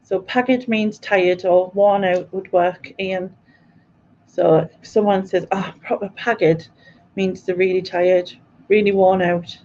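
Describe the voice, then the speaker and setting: A British woman hosts a live quiz stream, chatting loosely and answering her viewers with frequent laughs. She talks at an unhurried, drawn-out pace. Her voice comes through dull, lo-fi stream audio with a faint hiss behind it. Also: mid-range voice, steady tone, a little mellow. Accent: British English. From Britain. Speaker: quiz host. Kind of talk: casual live-stream chat.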